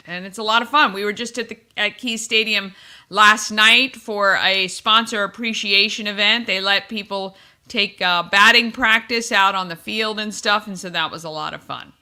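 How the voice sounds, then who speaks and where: A woman's voice: mid-range voice, pushed and bright. A woman hosting a morning radio show, chatting casually and reading out giveaways in an upbeat way.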